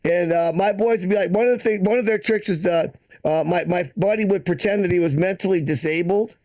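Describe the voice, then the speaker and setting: A man's voice: high voice, brisk, darkish tone. A man in his fifties from Michigan, hosting a live comedy show and telling rambling stories between acts. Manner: rambling, loose storytelling with restarts. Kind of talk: stand-up storytelling and introductions.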